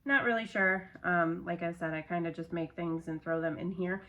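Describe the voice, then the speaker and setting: A woman's voice: fairly low pitch, fairly even intonation, normal speed, a bit bright, highs cut off, slight background noise. A young adult woman in casual chat, showing her handmade stock in a loose, rambling way with lots of fillers.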